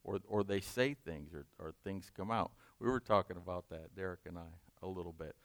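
Guy teaching a bible study, reads verses slow then chats about them, clean dry mic. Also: sits low, no echo. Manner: reads scripture aloud slowly, then explains conversationally.

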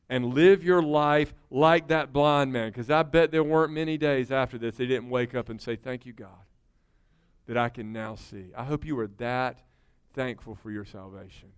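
Man, middle-aged, pastor preaching a sermon, earnest and conversational, smooth resonant voice. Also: medium pitch. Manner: earnest, conversational preaching with rising emphatic peaks.

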